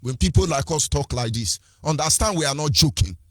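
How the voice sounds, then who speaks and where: Fiery nigerian guy giving a political speech, higher pitched voice, kinda husky. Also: expressive, fairly quick, a bit bright, no echo, clean studio sound. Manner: fiery, rhetorical, repeats phrases, switches into Igbo and Pidgin. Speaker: activist speaker. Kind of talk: impassioned political address.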